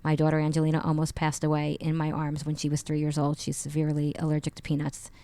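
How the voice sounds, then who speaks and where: A woman guest on a podcast, telling a personal story with lively expression and acting out the dialogue. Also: sits low, fast talker, smooth, dry recording. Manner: expressive, acts out quoted dialogue. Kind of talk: animated storytelling in an interview. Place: radio studio. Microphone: studio microphone.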